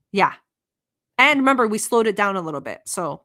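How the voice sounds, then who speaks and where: A woman's voice: mid-range voice, expressive, a little fast, bright, forceful tone. Blunt, sarcastic woman reacting to clips. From Middle East. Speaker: reaction channel host. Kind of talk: profane reaction commentary.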